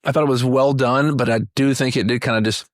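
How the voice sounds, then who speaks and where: A man co-hosting a casual movie review podcast, animated and given to sudden comic impressions. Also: fast, no room sound, studio quality. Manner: animated, jumps into high-pitched impressions. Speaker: podcast co-host.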